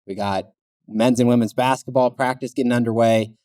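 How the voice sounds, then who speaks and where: A man co-hosting a sports podcast in a relaxed, casual chat, with plenty of fillers. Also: mid-range voice, a little fast, dry recording, clean studio sound. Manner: relaxed, filler-heavy, chuckles now and then. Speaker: podcast co-host.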